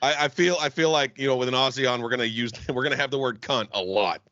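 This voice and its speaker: A man from Florida hosting a casual chat podcast, excitable and profane, laughing often and stumbling over repeated words. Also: mid-range voice, fast, dry recording, dull audio. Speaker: podcast host.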